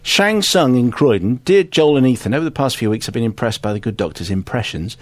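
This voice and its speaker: A man's voice: mid-range voice, lively intonation, fairly quick, no room sound. A man, co-hosting a podcast and reading out listener emails in a dry, teasing way. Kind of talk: casual podcast chat.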